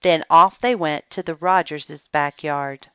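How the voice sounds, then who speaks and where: A woman reading a children's book aloud in a slow, expressive storytelling voice. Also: sits low, smooth, no room sound, muffled recording. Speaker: storybook reader.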